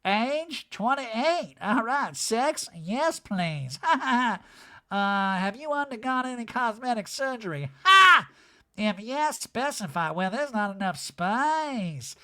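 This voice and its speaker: A man's voice: sing-song, slow pace, pushed and bright, heavily acted. A man voicing a brash, cheeky woman who jokes as she fills out a form. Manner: sassy, self-mocking, high and drawn out.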